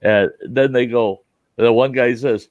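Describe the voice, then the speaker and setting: A man's voice: medium pitch, fairly even intonation, a little slow, a little mellow, dry recording, lo-fi sound. A man chatting casually on his show, telling movie stories in a rambling way and laughing at his own retellings. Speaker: show host. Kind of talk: casual chat.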